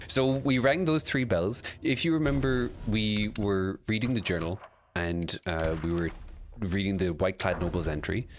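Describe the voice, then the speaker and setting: Low-voiced man streaming a game. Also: slight background noise. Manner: chatty, explains story lore while playing. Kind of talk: casual gaming commentary.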